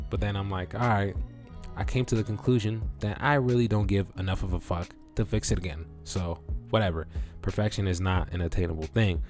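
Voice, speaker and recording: A man's voice: low voice, brisk, darkish tone, faint music behind. A man vlogging in a loose, casual way, swearing and acting out his own reactions as he tells a story. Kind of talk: casual talk to camera.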